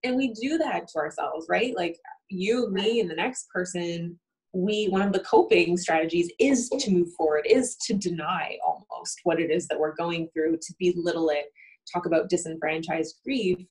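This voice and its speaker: A woman's voice: lowish voice, normal speed, darkish tone, low-quality recording. A woman therapist talking through coping with a colleague, thinking aloud and often checking in with "right?". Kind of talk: conversation about coping between colleagues.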